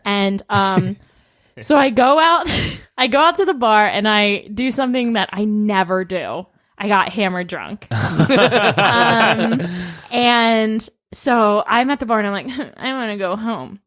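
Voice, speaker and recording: A woman's voice: mid-range voice, lively intonation, takes it slowly, a bit bright. A woman hosting a casual chat podcast, giggling and poking fun at herself. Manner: giggly, self-mocking. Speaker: podcast host.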